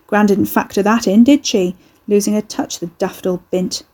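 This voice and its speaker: Woman audiobook narrator, steady and even, mellow with a husky edge. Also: mid-range voice, moderate pace. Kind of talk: scripted narration.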